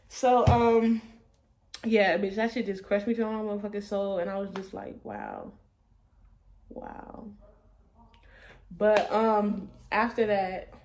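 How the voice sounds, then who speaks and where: A woman's voice: mid-range voice, a little mellow. A woman in her twenties, a vlogger, telling a casual story in blunt, profane slang and laughing as she goes.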